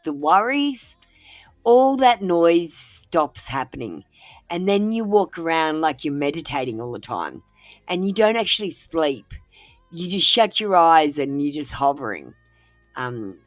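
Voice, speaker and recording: A woman talks low and blunt on her livestream, full of "um"s and casual swearing. She sounds a bit under the weather, and soft music plays behind her. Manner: frank and blunt, swears freely, many fillers. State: unwell. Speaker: tarot reader on a livestream. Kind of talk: casual livestream advice talk.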